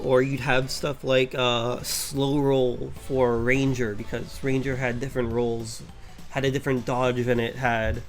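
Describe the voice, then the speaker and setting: Tired man rambling with fillers. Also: mid-range voice. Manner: tired, yawning, many fillers and restarts. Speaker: vtuber commentator. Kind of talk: unscripted rambling commentary.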